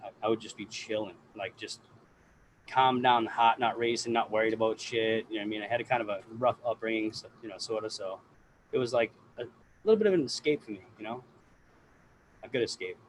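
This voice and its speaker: A man's voice: fairly low pitch, fairly quick, a little hiss or hum, rough recording. A man from the US East Coast, a guest grower on a casual podcast, telling stories with plenty of swearing and quoted dialogue. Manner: swears often, tells stories animatedly.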